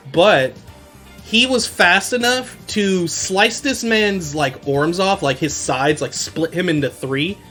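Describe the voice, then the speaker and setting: A man's voice: on the high side, a bit bright. A man hosting a casual solo podcast, recapping an anime in a slangy way and laughing often as he retells scenes. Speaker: podcast host.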